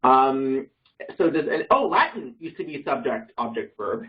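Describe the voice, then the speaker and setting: A man's voice: mid-range voice, sing-song, moderate pace, far from the mic, dull audio. A man leading an online Bible study class, explaining grammar casually with many fillers and self-corrections.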